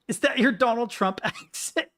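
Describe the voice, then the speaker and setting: A woman streamer chatting casually to her viewers, swearing and excitable, muttering between outbursts. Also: fairly high pitch. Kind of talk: casual live-stream chat.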